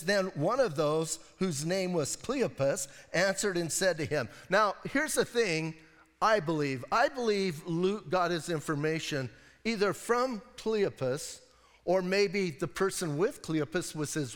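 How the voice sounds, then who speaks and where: A man preaching in a church, his voice sitting high and swinging widely up and down as he tells the story. He talks to the congregation like friends, leaning on "listen" and "right?", and a long hall reverb trails every phrase. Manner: animated storytelling. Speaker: pastor. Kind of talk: sermon.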